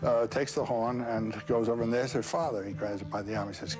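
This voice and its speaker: Guy in an interview spinning an old folk tale, folksy and rambly, lots of little asides, normal mid pitch. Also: normal speed, over music. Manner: discursive, folksy storyteller with many asides. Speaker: interviewee, scholar of myth. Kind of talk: storytelling in an interview.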